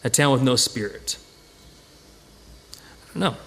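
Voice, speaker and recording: A man leading an informal Bible study, talking conversationally with lively acted-out asides and frequent restarts. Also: medium pitch, unhurried, gravelly, a little hiss or hum. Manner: conversational, animated, acts out quoted voices, many restarts.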